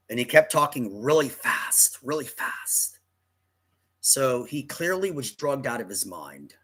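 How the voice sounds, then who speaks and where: Husky man telling a rambling story. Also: mid-range voice, very animated, normal speed, bright, forceful tone. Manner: rambling, dramatic, self-correcting. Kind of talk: casual personal storytelling.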